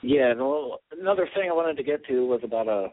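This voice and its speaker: A man's voice: medium pitch, expressive, fast talker. A man hosting a casual interview, asking long, rambling questions full of hesitations and restarts. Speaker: interview host. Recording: dry, phone-like band-limited sound.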